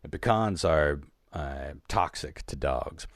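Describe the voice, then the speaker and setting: Low-voiced guy rambling thru a story on a podcast, swears a lot, chuckles, dry close mic. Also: expressive, takes it slowly, no room sound. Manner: rambling, profane, laughs while telling. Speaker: podcast co-host. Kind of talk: casual storytelling chat.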